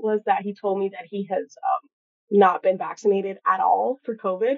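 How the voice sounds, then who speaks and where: A woman's voice: medium pitch, fairly even intonation, moderate pace, no echo. Hesitant woman caller on a muffled line. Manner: hesitant, full of fillers. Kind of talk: phone-in call.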